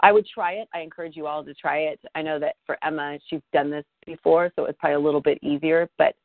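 Female class leader, gentle and encouraging, gravelly, heard over a tinny phone line. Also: low voice, steady tone, fast, no echo. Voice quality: gentle, encouraging, repeats herself. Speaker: Reiki teacher leading a teleclass. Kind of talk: teaching on a phone call.

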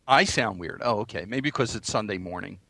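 A man co-hosting a casual podcast, halting and dryly sarcastic. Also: fairly low pitch, animated, vocal fry, sharp tone, no room sound. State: sounding odd this morning. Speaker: podcast co-host.

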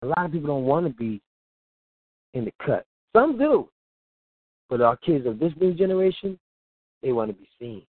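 A man's voice: on the high side, big pitch swings, moderate pace, pauses often, no room sound. A man hosting a radio show, giving casual, preachy talk in a colloquial manner and laughing often. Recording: tinny phone-like line, dry.

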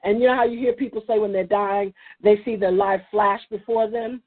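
A woman's voice: medium pitch, fairly even intonation, a little fast, a little hiss or hum. A woman leading a faith roundtable, talking earnestly with many restarts and fillers over a phone call. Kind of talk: casual faith discussion. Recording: tinny phone line.

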